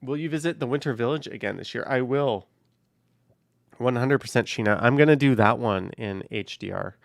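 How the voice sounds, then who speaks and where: Gravelly, easygoing male streamer. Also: medium pitch, normal speed, no room sound, studio quality. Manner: easygoing, thanks viewers and answers questions. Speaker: live streamer reading chat. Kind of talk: casual live-stream chat. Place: car, driving around the city.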